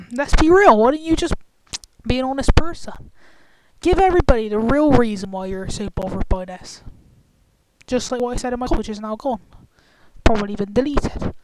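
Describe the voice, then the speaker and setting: A woman's voice: a little high, normal speed. Angry ranting woman over glitchy noisy audio. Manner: angry, profane, confrontational. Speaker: vlogger. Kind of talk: ranting commentary vlog. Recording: clicky, glitchy, noisy screen-recorder audio.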